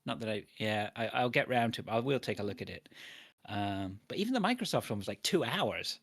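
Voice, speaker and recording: A man's voice: fairly low pitch, lively intonation, brisk, fairly bright tone. A man co-hosting a podcast in loose casual chat, swearing and laughing often. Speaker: podcast co-host.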